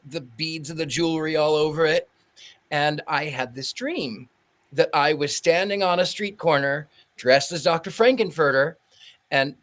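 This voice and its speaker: Brief: a fairly high-voiced man, animated podcast storyteller. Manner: animated storyteller, acts out quotes. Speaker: podcast co-host. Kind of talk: casual chat.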